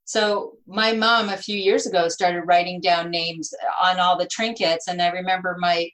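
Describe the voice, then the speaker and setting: A middle-aged woman, an author, chatting in a lively, storytelling way. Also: on the low side, normal speed, rough recording. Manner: chatty, animated storytelling with laughs. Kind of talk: casual conversation.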